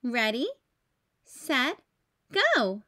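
A woman's voice: sits high, very slow, heavily acted. A woman voicing a patient mother who explains a game in a storybook read-aloud. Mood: calm. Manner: calm, explaining.

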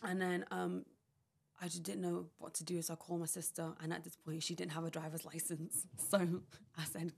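A woman's voice: lowish voice, flat delivery, fairly quick, creaky, darkish tone, husky. A young woman on a podcast, telling a personal story in a rambling way, full of "like" and acted-out quotes. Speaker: podcast guest.

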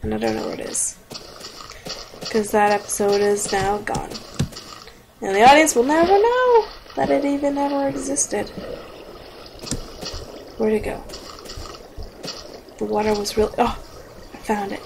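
A woman's voice: on the high side, sing-song, unhurried, creaky, pauses often. A young woman hosting a casual gameplay video, rambling, joking and giggling as she plays at home. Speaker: gaming video host. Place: home room. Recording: noisy home recording.

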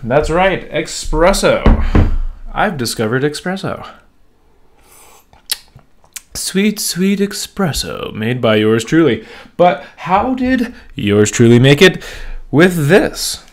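A man casually vlogging to his viewers, excitable and rambling because he says he is wired on caffeine. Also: mid-range voice, slow pace. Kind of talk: casual home vlog.

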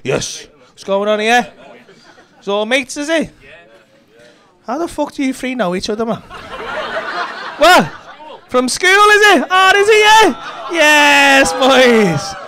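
On a comedy club stage, a stand-up comedian works the crowd, teasing people and swearing amid laughing banter. His voice is very high-pitched with lively intonation, and he talks slowly with frequent pauses. The live club recording carries a loud crowd and audience laughter.

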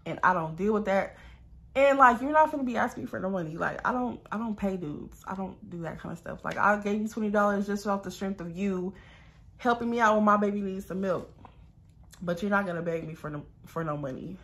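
A young woman talks straight to her viewers in a storytime vlog, her voice leaping up sharply whenever she acts out what someone said. She sounds exasperated and animated. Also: a little fast. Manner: animated, exasperated, voices quoted lines with big pitch jumps. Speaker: storytime vlogger.

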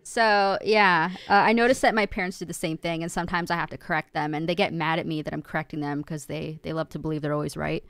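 A woman's voice: deep voice, fairly even intonation, fast, few pauses, a bit bright, clean tone, no echo. A woman co-hosting a gaming stream in casual chat, talking loosely with lots of fillers and acting out family quotes. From from an Italian immigrant family. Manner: chatty, many "like" fillers, acts out family quotes.

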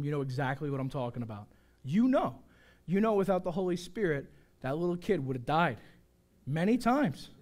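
A male pastor delivering a joking, animated sermon, swinging from shouts to hushed asides. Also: high-pitched. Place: church sanctuary.

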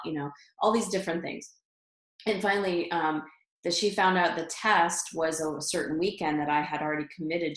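A middle-aged woman, a guest in an interview, telling a personal story in an animated way, laughing often and restarting her sentences. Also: deep voice. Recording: roomy echo.

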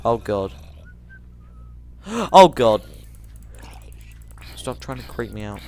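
A man giving rambling let's play commentary, jumpy and quick to shriek when startled. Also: medium pitch, very animated, darkish tone, a little hiss or hum.

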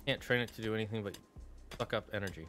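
A man's voice: fairly low pitch, quick pace, fairly bright tone, faint music behind. A man chatting playfully with his viewers while streaming a game. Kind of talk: casual live-stream chat while gaming.

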